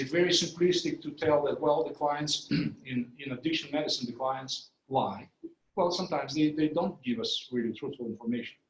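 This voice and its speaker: A man giving a training lecture, explaining ideas step by step and using live demonstrations. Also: on the high side. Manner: explanatory, illustrates with live demos. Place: conference room. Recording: echoey training room.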